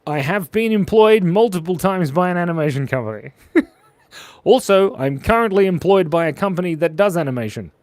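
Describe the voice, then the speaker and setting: Chatty, laughing livestream host. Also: male voice, high voice, animated, brisk, no room sound. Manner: joking, rambling, often laughs. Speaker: channel host and animator. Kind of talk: casual livestream chat while drawing.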